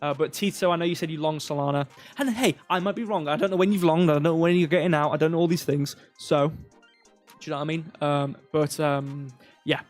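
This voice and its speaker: Male stream host, a bit high-pitched, loose and chatty, thinks aloud over charts. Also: fairly quick, faint music behind. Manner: rambling, filler-heavy, thinking aloud. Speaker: crypto livestream host. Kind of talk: casual live chart commentary.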